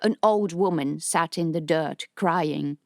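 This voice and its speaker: A woman narrating an audiobook in a steady, measured reading voice. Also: deep voice, vocal fry, dry recording, clean studio sound. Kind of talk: scripted narration.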